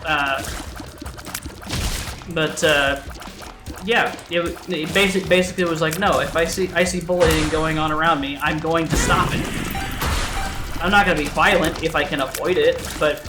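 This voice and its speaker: A man's voice: on the high side, steady tone, moderate pace, pauses often. A young man casually telling a story over gameplay, rambling and swearing with many restarts and fillers. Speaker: let's play host. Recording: roomy sound with game music behind. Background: game music.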